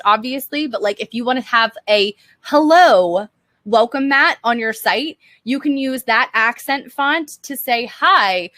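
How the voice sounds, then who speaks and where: A woman's voice: a little high, bright, forceful tone, no echo. A young woman teaching design on a casual live stream, chatty and upbeat, answering viewer questions with lots of "um" and "like".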